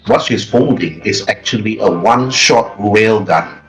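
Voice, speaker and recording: A man's voice: lowish voice, a little slow, a bit bright, soft background music, low-quality recording. A man running a tabletop role-playing game as game master, describing scenes casually and restarting his sentences often.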